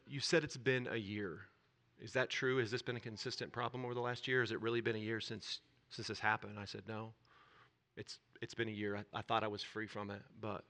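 A man shares a raw personal testimony before a church group. His voice is bright and forward, with hesitant restarts, sinking to near-whispers on the painful parts and lifting with energy when he is stirred. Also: on the low side. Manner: earnest, halting confession that drops to near-whispers and swells when stirred. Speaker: church speaker.

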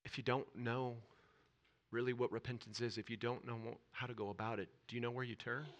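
A man's voice: medium pitch, flat delivery, a little fast, fairly bright tone. A man preaching a sermon as pastor, building intensity and repeating phrases.

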